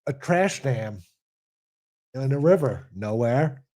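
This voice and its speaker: A man co-hosting a podcast in casual chat, dropping deadpan wisecracks. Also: mid-range voice, unhurried. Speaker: podcast co-host.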